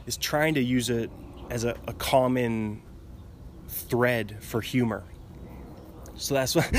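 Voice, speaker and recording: A man's voice: mid-range voice, slight background noise. A man in his twenties hosting a podcast alone, rambling in casual chat with frequent giggles and restarts. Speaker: podcast host. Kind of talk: casual solo podcast monologue.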